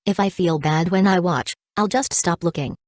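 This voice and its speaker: A woman's voice: lowish voice, moderate pace, darkish tone, no room sound, clean studio sound, natural voice. A woman voicing a nervous little girl in a storybook, speaking hesitantly and stammering.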